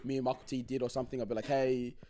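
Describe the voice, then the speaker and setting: A man's voice: medium pitch, little pitch movement, rapid-fire, mellow. A young Australian man hosting a podcast, laid-back and slangy, laughing often as he chats. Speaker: podcast host. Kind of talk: casual chat.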